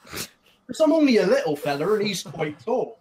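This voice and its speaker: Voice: medium pitch, very animated, normal speed, a little mellow, a little hiss or hum, lightly acted. A player voicing a small, chatty male travelling merchant who rambles and apologizes in a flustered way during a tabletop game. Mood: insistent. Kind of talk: tabletop role-play in character.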